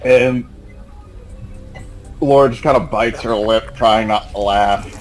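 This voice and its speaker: A man casually narrating his character in an online role-play, hesitant and halting. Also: lowish voice, rough recording. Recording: game music playing behind.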